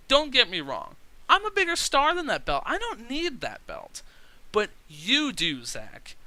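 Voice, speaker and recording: A man's voice: high voice, sharp tone, pitched above the performer's own voice, exaggerated voice. A man doing a blunt challenging wrestler. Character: blunt male wrestler issuing a title challenge.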